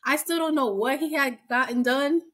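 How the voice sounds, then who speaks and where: A woman co-hosting a casual podcast, recapping a reality show and acting out quotes in lively voices. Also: high-pitched, moderate pace. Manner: chatty, acts out quotes in animated voices. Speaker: podcast co-host.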